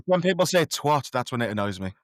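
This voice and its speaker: A man's voice: medium pitch, big pitch swings, fast, no room sound, clean studio sound. A man talking as a podcast guest in a casual chat, rambling and self-deprecating, often tripping over his words.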